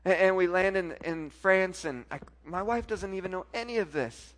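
A man telling a personal faith story to a live audience, animated, often repeating words and acting out what people said. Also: sits high, normal speed, long reverb tail.

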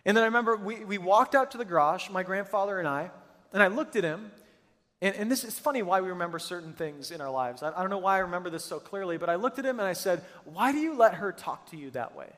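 A man's voice: sits high, lively intonation, quick pace, a bit bright. A middle-aged man preaching a sermon, telling stories in an emphatic, earnest way. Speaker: pastor. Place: church auditorium with hundreds present. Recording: long reverb of a large church hall.

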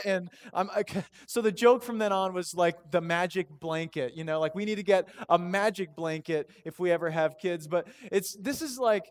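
Male pastor, high voice, animated storyteller, self-deprecating, church sermon. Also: normal speed. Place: church sanctuary.

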